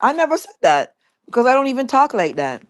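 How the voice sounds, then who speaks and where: A woman's voice: a little high, very animated, fairly quick, dry recording, clean studio sound. A woman chatting casually on a livestream, indignant and defensive.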